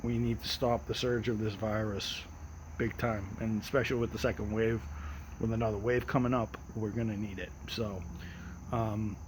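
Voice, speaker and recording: An American man hosting his own show, talking outdoors in a relaxed, rambling way with many restarts. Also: lowish voice, slight background noise, rough recording. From United States. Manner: rambling and repetitive, frequent restarts; relaxed and unhurried. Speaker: host of his own daily audio show. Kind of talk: casual personal monologue. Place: outdoors at night.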